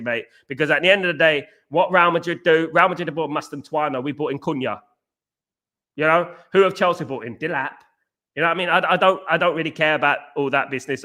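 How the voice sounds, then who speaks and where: A man chats casually as he reads out viewers' messages, repeating himself and tossing in mate and bruv. His voice sits a touch high and comes out bright and forceful. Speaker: fan channel host reading viewer messages. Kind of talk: casual livestream chat.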